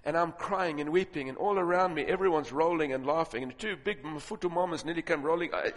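A man preaching a sermon, telling stories and building to loud, emphatic points. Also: a little high, a little fast, hardly any pauses. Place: large auditorium with audience. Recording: long reverb of a large hall.

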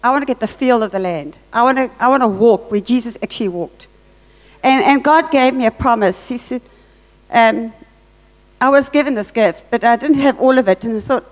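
A woman giving an earnest testimony at church, telling her story with lively reported dialogue. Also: fairly high pitch, fairly quick. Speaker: church speaker sharing a testimony. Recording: long hall reverb.

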